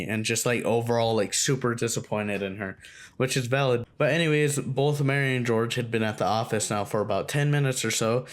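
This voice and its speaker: A young man recounts a school story in a loose, rambling way. His talk is casual and full of fillers and swearing, and his voice sits at an ordinary mid pitch for a man. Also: a little fast. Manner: rambling, profane, filler-heavy. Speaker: storytime vlogger.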